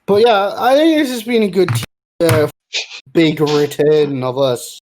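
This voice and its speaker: Young male host, lively swooping pitch, goofy storyteller who bursts into yelling. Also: a little slow, slight background noise. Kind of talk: comic storytelling on a voice call.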